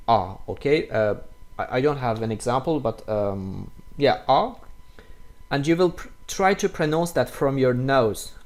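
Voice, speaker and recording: A man with a French accent leads a relaxed pronunciation lesson at an unhurried pace. His English is halting, full of ums and restarts, and he says each example word two or three times. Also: mid-range voice. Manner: slow, repeats example words several times, hesitant English with fillers. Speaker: French teacher.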